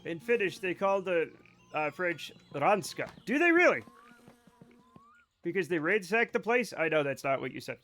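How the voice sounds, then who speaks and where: High-voiced, profane male streamer. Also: very animated, normal speed, long pauses, fairly bright tone. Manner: rambling, profane, joking asides to chat. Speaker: game streamer. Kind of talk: casual live-stream chat with viewers.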